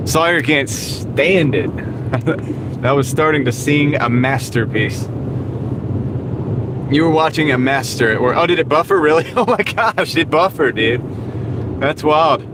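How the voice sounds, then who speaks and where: Casual, joking delivery-driver streamer, man, slightly high voice, road noise under him. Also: measured pace, pauses often. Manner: casual, laughing, jokey. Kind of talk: live driving stream chat. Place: in a moving car. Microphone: wireless clip mic.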